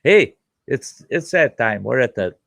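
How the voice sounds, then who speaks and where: A man's voice: mid-range voice, very animated, unhurried, creaky, fairly bright tone, no room sound, clean studio sound. A middle-aged man hosting a show and telling a rambling childhood story in a folksy, casual way. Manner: folksy, rambling, with fillers like "you know". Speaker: host and storyteller.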